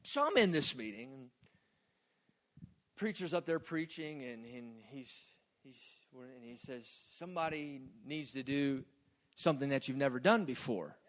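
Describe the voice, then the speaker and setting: A man preaching a sermon in a loose, joking way that swings between quiet asides and loud bursts. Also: medium pitch, animated, measured pace.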